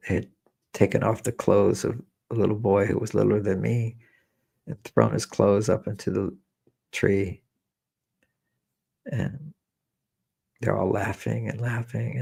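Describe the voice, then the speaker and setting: A man leading a guided meditation, speaking slowly and repetitively as he coaxes listeners through feelings and shares his own memories. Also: lowish voice, vocal fry, husky. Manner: slow, repetitive, gently coaxing with personal memories. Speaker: meditation teacher.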